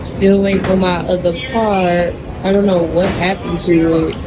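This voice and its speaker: A woman's voice: fairly low pitch, flat delivery, moderate pace. Frustrated woman at a noisy airport. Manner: frustrated, complaining. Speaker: beauty school student. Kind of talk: casual phone vlog.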